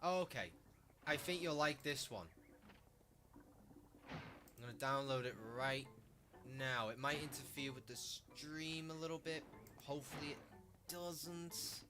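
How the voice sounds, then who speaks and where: A man's voice: fairly high pitch, unhurried, pauses often, music in the background. A Liverpool man in his late teens with a Scouse accent, telling rambling, sweary stories while live streaming. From Liverpool, England. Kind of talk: casual live-stream chat.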